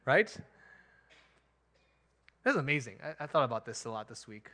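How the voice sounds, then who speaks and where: A man preaching a sermon as pastor, animated and emphatic, chuckling now and then. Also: medium pitch, unhurried, pauses often.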